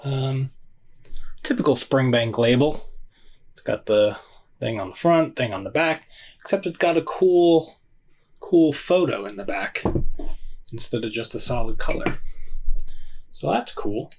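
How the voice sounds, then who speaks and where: A man's voice: medium pitch, expressive, a little slow, pauses often, darkish tone, a little hiss or hum. A man hosting a casual solo whisky review, rambling and hesitant with plenty of fillers and self-deprecating asides.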